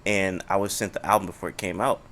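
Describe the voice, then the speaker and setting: A man's voice: low-pitched, little pitch movement, quick pace, heavy background noise. A man hosting a casual interview, upbeat and laughing often while hyping up his guest. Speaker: interview host.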